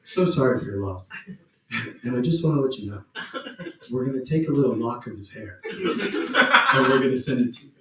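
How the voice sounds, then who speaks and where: A man voicing a middle-aged male vet with a nauseatingly soothing, soft manner. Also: mid-range voice, sing-song, normal speed, long pauses, slight background noise, voice pushed down. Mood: syrupy. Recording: echoey club from far off.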